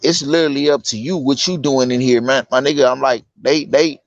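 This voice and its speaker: In casual conversation, a California man who is incarcerated presses his points earnestly, thick with street slang and fillers such as "you know what I'm saying." He talks fairly quickly in a mid-range voice with fairly even intonation, and the dry recording sounds dull and lo-fi.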